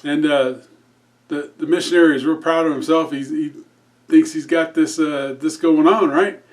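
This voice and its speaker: A man's voice: on the high side, steady tone, moderate pace, a little mellow. Man casually telling a rambling joke. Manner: rambling with fillers and restarts. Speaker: comedy channel host.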